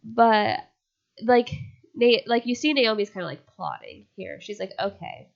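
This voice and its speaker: A woman's voice: a little high, measured pace, creaky, highs cut off. A congested, slightly breathless woman co-hosting a casual Bible study podcast, chatty and upbeat with a lot of "like". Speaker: podcast co-host. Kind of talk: casual Bible study chat and reading aloud.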